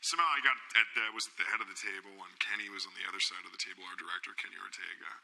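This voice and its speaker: Bright-voiced man telling a rambling story. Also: sits low, racing, vocal fry, poor audio. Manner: rambling, self-mocking, many fillers and restarts. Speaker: talk show guest. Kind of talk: animated anecdote telling. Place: TV studio with audience.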